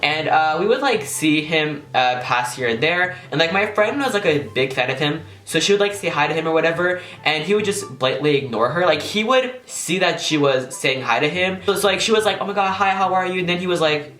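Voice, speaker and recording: A man's voice: on the high side, animated, brisk, few pauses, fairly bright tone. A young man telling a casual storytime vlog, rambling and swearing, with "like" in almost every phrase. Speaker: YouTuber. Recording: echoey room.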